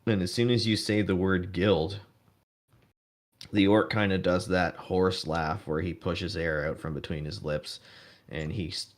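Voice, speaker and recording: A man narrating as game master of a tabletop game, relaxed and breaking into laughter now and then. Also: low voice, measured pace.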